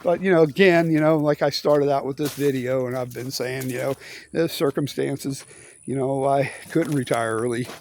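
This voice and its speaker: This retired vlogger, an older man, talks through his plans beside an old truck in his workshop, his casual chat meandering and folksy with plenty of fillers and restarts. His voice sits mid-range at a normal speed, with a little hiss or hum in the audio.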